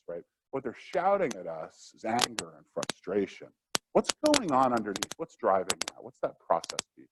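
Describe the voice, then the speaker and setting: Brief: male workshop lecturer, animated pitch, casual and chatty delivery, noisy recording. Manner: conversational, acts out quotes. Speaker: workshop presenter. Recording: steady background noise.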